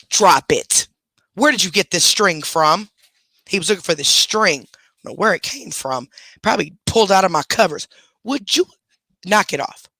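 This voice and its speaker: A woman's voice: medium pitch, bright, forceful tone, no echo, studio quality. A woman hosting a casual livestream, scolding her dogs and chatting to her viewers. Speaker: livestream host.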